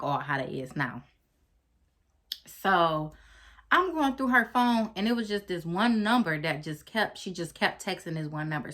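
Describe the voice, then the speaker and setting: Bright-voiced woman telling a storytime. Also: deep voice. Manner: animated, talks straight to viewers, acts out quotes. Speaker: vlogger. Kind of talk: storytime vlog.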